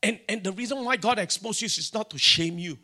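High, bright Singaporean-accented pastor. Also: male voice, fairly quick. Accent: Singaporean English. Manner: animated storytelling with asides, acting out dialogue. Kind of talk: sermon.

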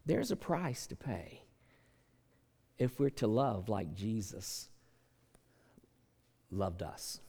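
A man preaching a sermon as pastor, in an animated manner that swings from soft asides to loud, emphatic lines. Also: on the low side, very slow, gravelly, long pauses, husky. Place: large church sanctuary. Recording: long hall reverb.

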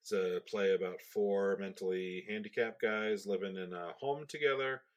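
A man with a lowish voice co-hosts a podcast. He talks casually and stops now and then with fillers and restarts. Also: normal speed. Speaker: podcast co-host. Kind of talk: casual chat.

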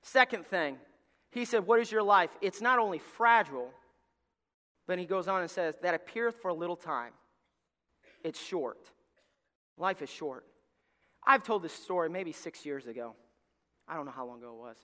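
Middle-aged pastor, storytelling sermon, high bright voice, long hall reverb. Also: male voice, expressive, moderate pace, long pauses. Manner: storytelling preacher, swings from shouting to near-whispers.

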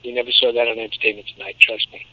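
A man in his seventies, a voice actor telling animated, jokey stories in an interview. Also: medium pitch, racing. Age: 70s. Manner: animated, jokey storyteller who slips into demo voices. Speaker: voice actor guest. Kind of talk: anecdotal interview talk. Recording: muffled lo-fi audio.

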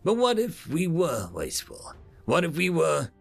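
A man's voice: on the high side, wildly swooping pitch, unhurried, gravelly, soft background music, voice pushed up, heavily acted. A man voicing a thoughtful male alien squad tactician in an audiobook story. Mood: reasoning. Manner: explanatory, reasoning aloud.

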